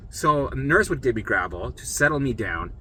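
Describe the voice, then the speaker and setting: Young man, blunt casual storyteller, crisp bright tone, faint noise behind. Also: mid-range voice, animated, moderate pace. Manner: blunt, swears freely, acts out voices of others. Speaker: storyteller sharing his recovery.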